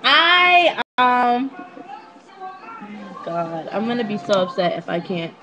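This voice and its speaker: A young woman telling a story casually to her webcam at home, brash, profane and animated as she gossips. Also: on the high side, slow pace, over music, poor audio. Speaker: vlogger.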